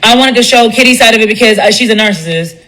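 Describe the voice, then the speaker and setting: Woman, blunt and profane live-stream ranter, bright tone. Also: fairly high pitch, quick pace, poor audio. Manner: blunt, profane, animated, mimics others in quotes. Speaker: commentator speaking on a live stream. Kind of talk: candid monologue on a live stream.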